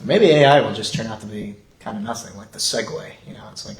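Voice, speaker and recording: A man's voice: fairly low pitch, fast. A man preaching a sermon as pastor, in a conversational style that is broken often by chuckles. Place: church sanctuary. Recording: roomy church echo.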